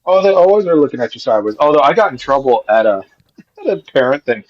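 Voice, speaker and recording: Lively man on a dull call line. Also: mid-range voice, quick pace, no room sound. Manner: laid-back, joking. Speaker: caller. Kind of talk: casual call-in chat.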